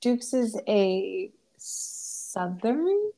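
A woman co-hosting a casual podcast chat, teasing and quick with interjections. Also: medium pitch, big pitch swings, a crowd in the background. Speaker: podcast co-host.

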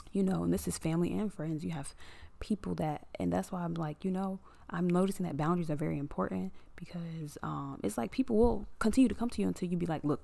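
A woman's voice: fairly low pitch, vocal fry, dark tone. A woman hosting her own podcast, talking casually about boundaries and healing, repeating phrases for emphasis and sometimes dropping to a whisper. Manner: frank, curses casually. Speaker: podcast host. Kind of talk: casual spiritual monologue.

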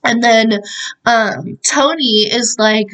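A woman's voice: fairly high pitch, slow pace, fairly bright tone, muffled recording. A young woman hosting a podcast, recapping a film in a chatty way, full of fillers and laughing asides. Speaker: podcast host. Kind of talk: casual movie recap.

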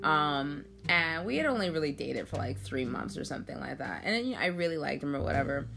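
A young adult woman telling a personal story in a casual, self-mocking way, full of "like" and "um" and quick laughs. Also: deep voice, big pitch swings. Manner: chatty and self-mocking, many likes and ums, frequent laughs. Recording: music clearly behind.

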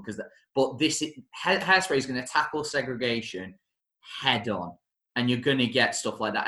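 Reviewing a film musical on his podcast, a man speaks in a mid-range, pushed, bright voice within a reverberant space. He's enthusiastic and casual, frequently starting over and correcting himself.

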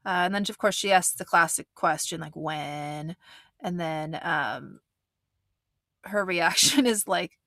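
A woman's voice: lowish voice, unhurried, bright, forceful tone, dry recording. Earnest rambling woman, dry close sound. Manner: earnest, rambling, with many restarts and fillers. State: getting emotional. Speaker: commentator reacting to a reality show. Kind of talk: casual spoken commentary.

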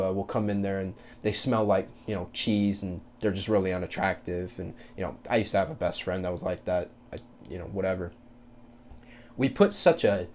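A man's voice: low-pitched, a little hiss or hum. Blunt, profane young man ranting. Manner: profane, blunt ranting with swings into loud mocking quotes. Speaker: podcast host. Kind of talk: casual solo podcast rant.

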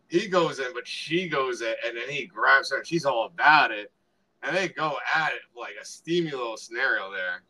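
Male co-host, bright and rambling, casual retelling of film scenes. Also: mid-range voice, low-quality recording. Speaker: podcast co-host. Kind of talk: casual movie review chat.

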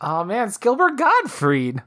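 A young adult woman co-hosting a podcast in casual chat, ranting about a film with animated sarcasm. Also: mid-range voice, unhurried. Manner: animated, sarcastic, joking rants. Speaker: podcast co-host.

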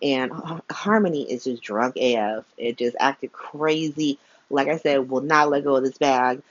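A woman's voice: rumbling low, measured pace, dry recording. A woman hosting a podcast, recapping a soap opera in a chatty, slangy way with frequent laughter and blunt opinions. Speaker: podcast host. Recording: slightly dull, dry lo-fi sound.

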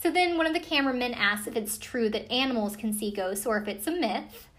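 A woman's voice: on the high side, expressive, brisk, fairly bright tone. Sarcastic American woman recapping. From United States. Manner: sarcastic, skeptical, filler-heavy rambling. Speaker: commentator recapping a ghost-hunting show. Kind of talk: casual chat.

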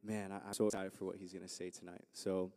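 Young male campus minister, low relaxed voice, loose storytelling intro, reverberant hall. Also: fast. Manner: rambling, storytelling, many fillers. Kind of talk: casual sermon introduction.

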